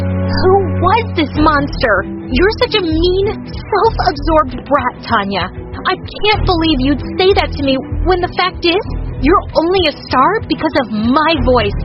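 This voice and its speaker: A woman with a high voice tells a first-person storytime in a dramatic, exclaiming way. The sound is muffled and lo-fi, with clear music playing under her. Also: animated, a little slow. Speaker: storytime narrator. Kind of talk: scripted first-person narration.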